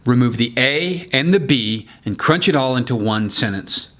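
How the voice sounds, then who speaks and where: A man teaching how to argue an evidence rule in court, casual and blunt, then acting out the argument with deliberate emphasis. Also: medium pitch, fairly bright tone. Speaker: legal communication coach. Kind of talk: instructional explainer.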